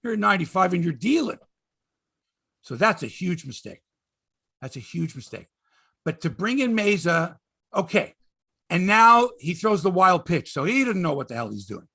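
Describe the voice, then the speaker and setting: A middle-aged man hosts a sports show in an exasperated, emphatic rant. His voice sits high and bright, with a husky, gravelly edge, and it swings widely in pitch. He swears for emphasis and drops from loud bursts to low grumbles. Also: sing-song, moderate pace, pauses often. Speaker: sports podcast host. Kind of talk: ranting sports commentary monologue.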